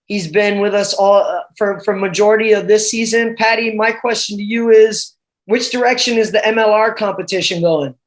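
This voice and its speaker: A young man hosting a podcast, talking in a relaxed, rambling way with restarts. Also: high-pitched, moderate pace. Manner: relaxed, talks in loose runs with restarts and fillers. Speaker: podcast host, rugby player. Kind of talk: casual chat.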